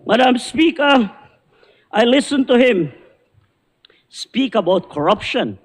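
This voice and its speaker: A man's voice: very high-pitched, very animated, slow pace. A man with a Belizean accent, a member of parliament giving an indignant, combative debate speech. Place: parliament chamber. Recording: long reverb of a large chamber.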